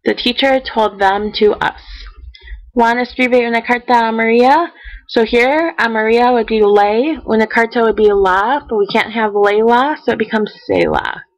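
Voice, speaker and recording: A woman teacher giving a recorded grammar lesson in a methodical way, counting out each step and reading example sentences slowly. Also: on the high side, low-quality recording. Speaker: Spanish teacher.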